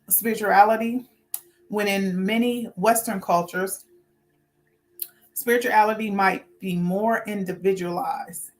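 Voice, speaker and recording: A woman hosting a casual spiritual talk, earnest and informal, often restarting sentences as she works through her points. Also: medium pitch. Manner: rambling, restarts, talks herself through points. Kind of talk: casual spoken talk with notes.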